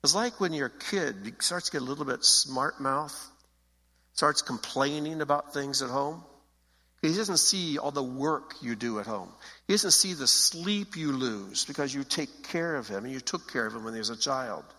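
A man's voice: mid-range voice, expressive, moderate pace, sharp tone, long reverb tail, poor audio. A man preaching a sermon in an emphatic, conversational way, repeating phrases for weight. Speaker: pastor.

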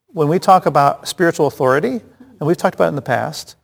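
Gravelly man teaching in a reverberant hall. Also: a little high, fast. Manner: chatty, joking, with many restarts and asides. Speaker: Bible teacher. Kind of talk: casual Bible study teaching.

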